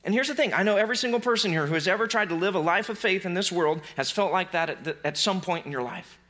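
Bright-voiced, conversational male preacher. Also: high-pitched, fast talker. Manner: conversational, emphatic, repeats key lines. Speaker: pastor. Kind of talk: sermon. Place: church before a congregation.

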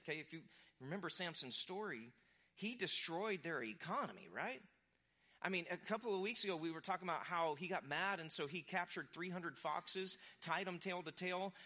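Young male pastor, bright and forceful sermon voice, casual storyteller. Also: high voice. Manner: animated, acts out quoted voices.

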